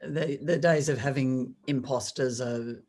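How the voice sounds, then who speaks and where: A middle-aged woman with an Australian accent and a very deep voice, a sports presenter speaking in a measured, reflective way in a podcast interview. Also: warm tone.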